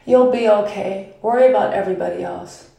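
A woman's voice: medium pitch, fairly quick, creaky, dark tone, very echoey, natural voice, poor audio. A woman voicing her insistent mother scolding her as a child, with firm, repetitive phrasing. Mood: reassuring.

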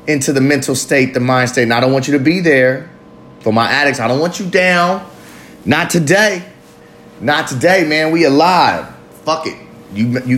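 A man's voice: mid-range voice, a bit bright, a little hiss or hum. A man hosting a live recovery talk show, talking loosely and profanely in a confessional monologue, sometimes drawing out his words. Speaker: podcast host.

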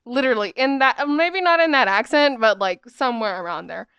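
A young woman in her twenties rambles through a casual storytime, full of fillers and asides. Her voice is clean and smooth. It sits close and dry, with no room around it. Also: a little high, lively intonation, brisk, fairly bright tone, no room sound, dull audio. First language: English. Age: 20s. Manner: chatty, rambling, many "um" and "like" fillers.

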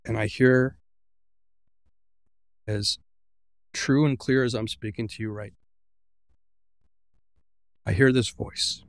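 A man of middle pitch with a gravelly edge tells his own story as a podcast guest. He speaks earnestly and vividly, acting out what he thought at the time. The sound is dry and close. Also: fairly even intonation, slow pace, long pauses, no echo. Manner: earnest, vivid retelling with quoted inner thoughts. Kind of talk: personal storytelling in an interview.

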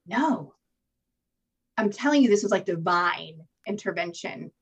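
Candid woman with a husky voice. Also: fairly low pitch, a little slow, highs cut off. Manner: candid, animated storytelling with profanity and acted-out inner voices. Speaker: podcast guest. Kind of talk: personal recovery story in an interview.

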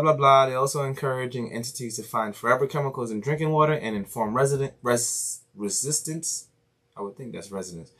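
A man hosting a casual solo podcast, reading news items aloud haltingly and chatting loosely, swearing freely. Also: mid-range voice, a bit bright. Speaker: podcast host.

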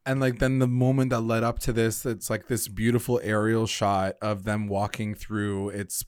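Guy recapping a tv show, animated, jumps high doing characters, dry close sound. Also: moderate pace, clean tone, no echo. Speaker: podcast co-host recapping a TV episode. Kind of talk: casual chat.

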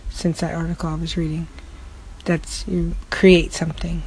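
Husky, mellow woman teaching pronunciation. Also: fairly low pitch, fairly even intonation, rough recording. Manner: slow, deliberate word demonstrations. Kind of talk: casual spoken lesson.

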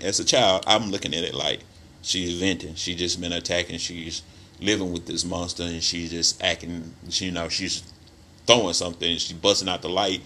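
A man casually retelling a movie plot in a lively, colloquial way, with sudden loud bursts of emphasis. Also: low voice. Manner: animated storytelling with sudden emphatic outbursts; colloquial, conversational phrasing. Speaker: film commentator.

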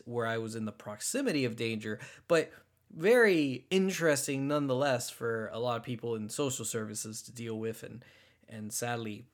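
Casting: man, casual storyteller, emphatic and animated, stumbling restarts. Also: medium pitch. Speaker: former social worker telling a story.

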